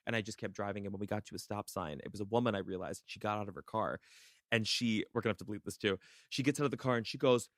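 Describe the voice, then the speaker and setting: A man's voice: fairly low pitch, quick pace, no echo, clean studio sound. A young man co-hosting a podcast, telling stories in casual chat and laughing often. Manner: animated storyteller, laughs often. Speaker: podcast co-host.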